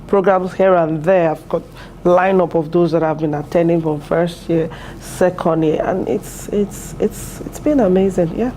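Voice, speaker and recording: In a university building, a PhD student and mother in her thirties speaks in an interview testimonial at a measured pace. Her voice is on the low side and dark in tone, earnest and heartfelt, with many fillers and restarts over slight background noise.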